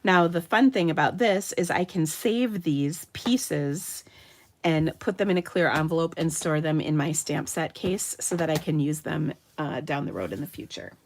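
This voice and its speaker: Working live in her home craft room, the Minnesota card-making host chats brightly and laughs a lot. Her voice is low and expressive, moving at a moderate pace.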